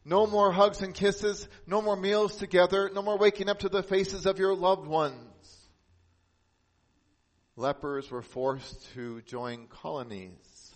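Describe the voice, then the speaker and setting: A man preaching a sermon as pastor, earnest, lifting his voice for emphasis and dropping soft and slow on key points. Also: high voice, level tone.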